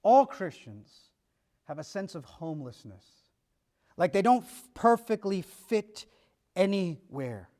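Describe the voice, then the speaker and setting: A man's voice: sits high, sing-song, takes it slowly, dark tone. A middle-aged man preaching, telling stories and acting out dialogue with shifts of pace and volume. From United States. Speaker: pastor. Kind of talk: sermon.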